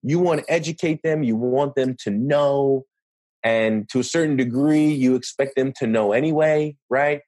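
A man of average pitch talking through ideas in a relaxed interview. He sounds earnest and explanatory, tagging his points with quick questions. The sound is dry and close, with no room around it. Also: no room sound. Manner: earnest, explanatory, many rhetorical "right?" tags. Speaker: podcast guest, negotiation expert. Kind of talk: casual interview talk.

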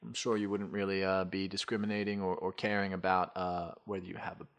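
A man's voice: deep voice, little pitch movement, a little fast. A man co-hosting a casual podcast from an apartment, joking around and swearing freely. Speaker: podcast co-host. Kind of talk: casual chat.

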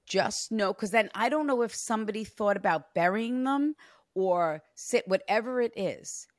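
A woman's voice: mid-range voice, moderate pace, dry recording. Earnest woman medium, dry close sound. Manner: earnest, relays messages in soft hushed passages. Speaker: psychic medium. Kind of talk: spirit reading session.

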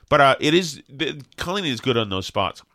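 A man's voice: medium pitch, sing-song, unhurried, bright, forceful tone, dry recording, clean studio sound. A man hosting a casual radio chat show, riffing with sarcastic jokes. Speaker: host.

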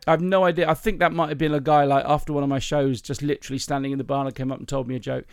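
Animated male comedian. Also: on the high side, racing, vocal fry, clean tone, no room sound, studio quality. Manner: animated, sing-song when acting out jokes. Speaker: comedian podcast host. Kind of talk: casual chat and joke telling.

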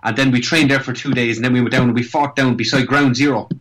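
A middle-aged man with an Irish accent tells a long, swearing-laced story, and he talks quickly. He keeps stopping and restarting his sentences. His pitch sits in the middle for a man. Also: fairly even intonation, a bit bright, poor audio. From Ireland. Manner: rambling anecdotes with repeated restarts and swearing. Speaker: guest. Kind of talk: casual storytelling chat.

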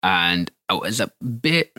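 Deep-voiced loud Yorkshire man. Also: takes it slowly, dry recording, studio quality. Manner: loud, animated, camp, laughing. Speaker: interviewee. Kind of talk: candid storytelling.

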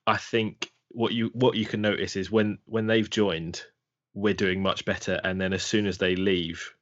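A man's voice: sits low, little pitch movement, normal speed. Hesitant man on a lo-fi podcast. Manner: hesitant, restarts sentences, lots of fillers. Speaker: podcast co-host. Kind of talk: casual football chat. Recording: dull lo-fi sound.

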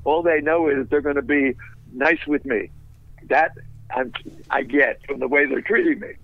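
An older man, a guest on a radio interview, telling anecdotes in a lively way and laughing through his stories. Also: medium pitch, normal speed, gravelly, no room sound. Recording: dull, dry lo-fi sound.

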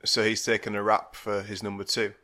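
A man co-hosting a podcast in casual film chat, talking hesitantly with many pauses and trailing phrases. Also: lowish voice, monotone, sharp tone. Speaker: podcast co-host.

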